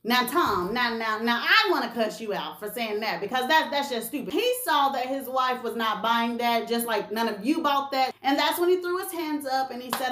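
A woman's voice: on the high side, animated, normal speed, few pauses, a bit bright, reverberant. A woman hosting a gossip video, telling a story to camera in a sassy, slangy way and acting out the voices of the people in it.

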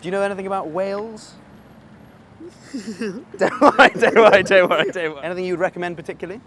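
A young man doing chatty, self-mocking street interviews with quick questions outdoors on a busy street. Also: sits high, a crowd in the background. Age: young adult. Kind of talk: vox pop street interviews.

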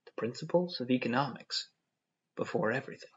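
A man voicing a self-important civil servant who lectures calmly and at length. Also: medium pitch, husky. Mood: pompous tranquil. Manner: measured, lecturing tone. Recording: dull lo-fi audio.

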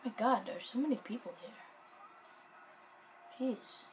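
A woman's voice: on the high side, a little slow, a little hiss or hum, poor audio. Woman playing a game and talking to herself, goofy, mutters and whispers, takes her time. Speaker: gameplay commentator. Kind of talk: casual gameplay commentary.

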